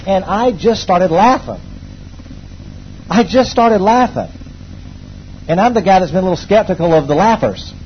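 A high-pitched man preaches to his congregation, pushing lines out loud and then dropping into quiet asides. He calls on the people to say things back to him. The recording sounds dull and a bit lo-fi, with a faint hiss underneath. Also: animated, moderate pace, pauses often. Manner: emphatic preaching, swinging from loud exclamations to low asides. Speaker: pastor. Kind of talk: sermon. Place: church hall before a congregation.

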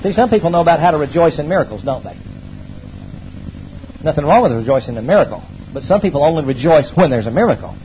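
A man preaching a sermon to a congregation, emphatic, swinging between loud exclamations and low asides and calling on the people to respond. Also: very animated, fast talker, muffled recording, a little hiss or hum. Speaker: pastor. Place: church hall before a congregation.

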